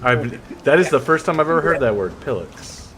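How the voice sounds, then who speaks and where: A man's voice: a little high, animated, a little fast, a bit bright, a little hiss or hum. A man from the United States hosting a game livestream, easygoing in casual chat and laughing often. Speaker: livestream host.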